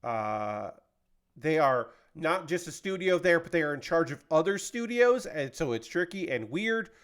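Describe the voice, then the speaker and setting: A man's voice: fairly high pitch, very animated, measured pace, a bit bright. A man hosting a live stream, chatting casually while building a model kit, rambling with lots of fillers. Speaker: livestream host.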